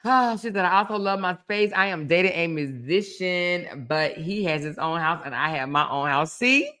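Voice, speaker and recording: A woman hosts a casual livestream with a bright, forward voice. She talks to her viewers in an animated, teasing way, reading their comments back and joking with them. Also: on the low side, normal speed. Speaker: livestream host. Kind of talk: casual chat with live viewers.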